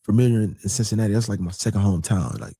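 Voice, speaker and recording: A man casually telling a personal story, animated and repeating phrases as he acts out what people said. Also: fairly low pitch, racing, vocal fry, husky, no room sound.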